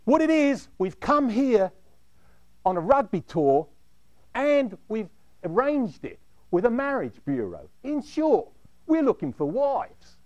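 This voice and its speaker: A man voicing a rough, bearded Australian rugby player who talks bluntly. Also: very high voice, very animated, slow pace, darkish tone, no room sound, muffled recording, voice pushed up, full character voice.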